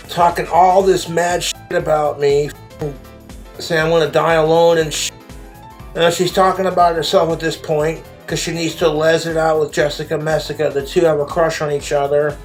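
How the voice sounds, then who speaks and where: A man's voice: a little high, flat delivery, moderate pace, soft background music. A man ranting in a vlog, swearing often and sounding aggrieved about being hounded. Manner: crude, profane, aggrieved. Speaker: online video creator.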